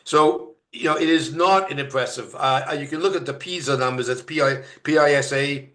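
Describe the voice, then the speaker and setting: Echoey lecturing man, halting delivery. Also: a little high, bright, forceful tone. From Canada. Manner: halting, many fillers and restarts, stresses listed words. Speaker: guest lecturer. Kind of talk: university lecture. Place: lecture room.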